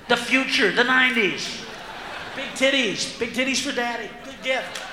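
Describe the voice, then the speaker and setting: Shouting, ranting man doing stand-up. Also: very high voice. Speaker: stand-up comedian. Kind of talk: live stand-up routine. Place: large venue with audience. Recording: roomy live recording with crowd and noise. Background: audience laughter.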